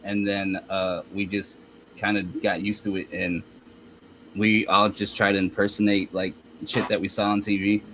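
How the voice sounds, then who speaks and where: A man's voice: on the low side, little pitch movement, moderate pace, a bit bright, slight background noise, low-quality recording. A male guest in a casual interview who tells easygoing stories and often laughs. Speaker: guest, rapper.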